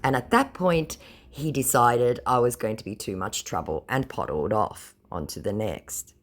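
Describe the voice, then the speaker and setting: A woman's voice: a bass voice, normal speed. An Australian woman who recounts chat messages aloud in a sarcastic, mocking way. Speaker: scambaiter and host.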